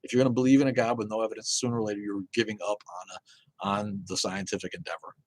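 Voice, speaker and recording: A man's voice: fairly low pitch, flat delivery, fast talker, darkish tone, rough recording. A man hosting a live atheist Q and A, talking casually and rambling, swearing freely and restarting his sentences. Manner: rambling, profane, many fillers and restarts. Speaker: host of an atheist live show.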